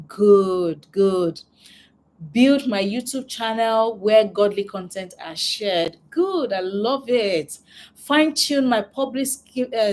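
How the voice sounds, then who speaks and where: A woman's voice: medium pitch, darkish tone. A woman business coach hosting a live online class, reading out chat replies and cheering each one on. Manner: upbeat and encouraging, repeats praise words.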